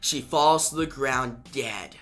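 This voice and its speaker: A man's voice: medium pitch, slow, fairly bright tone, faint music behind. A man retelling a comic book issue in a loose, casual way, starting most lines with "now". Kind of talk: casual comic recap narration.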